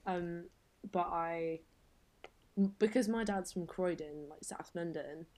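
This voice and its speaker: A woman's voice: on the low side, takes it slowly, a little mellow. A young woman chatting casually as a podcast guest, self-deprecating and laughing often. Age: young adult.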